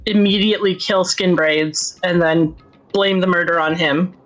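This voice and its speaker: A woman co-hosting a casual chat while voice-acting a game, relaxed and playful. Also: on the low side, normal speed, soft background music, low-quality recording. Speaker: podcast co-host.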